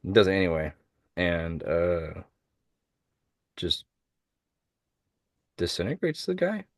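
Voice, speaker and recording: Low-voiced man rambling about comics. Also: big pitch swings, takes it slowly, gravelly, no echo, clean studio sound. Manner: rambling, many fillers and restarts. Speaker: podcast co-host. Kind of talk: casual chat about comics. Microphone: remote call over shaky internet.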